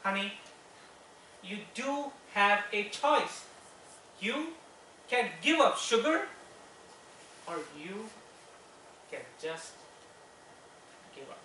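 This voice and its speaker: Calm firm wife as a man quotes her, slow, bright tone, roomy echo. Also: sits high, slight background noise, heavily acted. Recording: echoey room, far mic.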